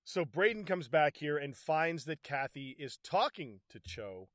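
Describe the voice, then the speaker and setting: A man recaps a film in loose, profane banter, slipping into bits of the characters as he goes. His voice sits a little high for a man. The sound is close and dry. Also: unhurried, dry recording. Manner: animated, profane, acts out scenes with laughter. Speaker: podcast co-host reviewing a movie. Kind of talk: casual chat.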